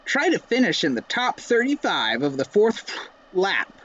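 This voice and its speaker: A man's voice: high voice, wildly swooping pitch, unhurried, a bit bright, dull audio, voice pushed up, heavily acted. A man voicing a folksy male race announcer in a put-on Southern US accent. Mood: announcing.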